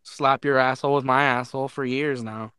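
A man's voice: mid-range voice, steady tone, brisk, sharp tone, smooth, no room sound, clean studio sound. Crude, joking podcast co-host, a man. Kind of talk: casual chat.

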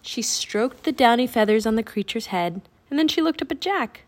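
Woman audiobook narrator, children's fiction, clear, expressive. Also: fairly high pitch, normal speed.

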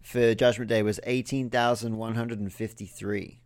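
A man's voice: on the low side, level tone, moderate pace, a little mellow. A British man co-hosting a podcast, chatting casually and rambling with lots of fillers and restarts. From United Kingdom. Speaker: podcast co-host. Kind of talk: casual chat.

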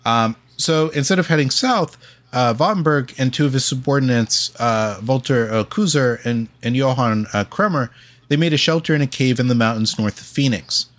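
A man's voice: medium pitch, normal speed. A man co-hosting a casual history podcast, reading from his notes with frequent ums and uhs. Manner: reads facts with many ums and uhs. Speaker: podcast co-host.

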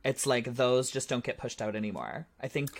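Low, lively-voiced woman co-host. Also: moderate pace. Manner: playful, self-deprecating. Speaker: podcast co-host. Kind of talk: casual chat.

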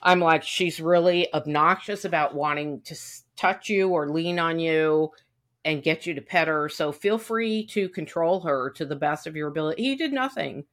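Woman co-host, lowish voice, profane storyteller acting out quotes, casual chat. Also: normal speed. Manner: venting, profane, acts out quotes. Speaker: podcast co-host.

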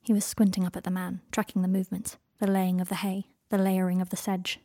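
A woman's voice: mid-range voice, little pitch movement, warm tone, no room sound. Woman reading a story, dry close sound. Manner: measured, unhurried phrasing. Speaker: narrator. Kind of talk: audiobook reading of fan fiction.

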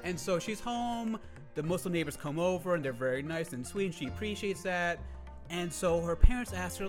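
Young man, casual chat, animated storyteller, slightly high voice, swears, faint music. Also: normal speed. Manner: animated storytelling, swears a lot, self-correcting. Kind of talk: casual chat, pitching a comedy movie idea.

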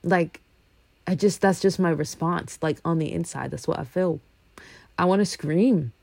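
A young woman from a Congolese family, talking casually and animatedly, swinging from loud bursts to low asides. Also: a little slow, gravelly, no room sound. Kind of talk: casual monologue.

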